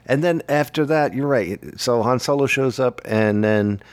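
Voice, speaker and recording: A man's voice: medium pitch, measured pace. A man chatting casually about a movie with friends, joking and laughing often. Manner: animated, jokey, laughs often.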